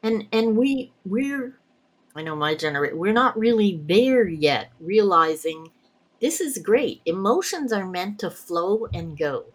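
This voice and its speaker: A woman's voice: medium pitch, expressive, measured pace. A middle-aged woman from Canada, telling personal stories in a podcast conversation and often laughing between words. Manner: reflective, laughs often mid-sentence. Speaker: guest.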